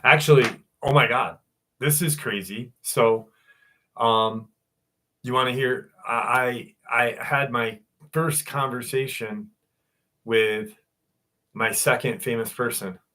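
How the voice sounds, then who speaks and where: A man's voice: mid-range voice, takes it slowly, pauses often. Guy hosting a livestream, just chatting, says hi to the chat, swears a bit, gets hyped easy. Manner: loose and excitable, greets chat viewers by name, swears casually. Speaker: livestream host. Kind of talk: casual live chat.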